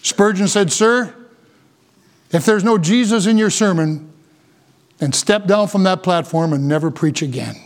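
A male pastor preaching a sermon emphatically, drawing out key phrases slowly and chuckling now and then. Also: high voice.

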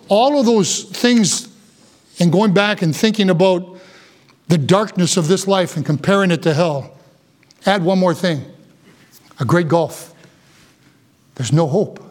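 A male pastor preaching a fervent sermon, sinking low and quiet for solemn warnings and rising when urging his hearers. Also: animated, measured pace, long pauses.

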